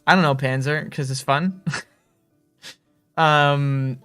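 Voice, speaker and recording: A man's voice: on the high side, steady tone, takes it slowly, fairly bright tone, clean tone, no room sound, soft background music. Chatty, rambling man streaming a game. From United States. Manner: chatty, rambling, laughs often. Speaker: livestream co-host. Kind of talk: casual gaming stream chat.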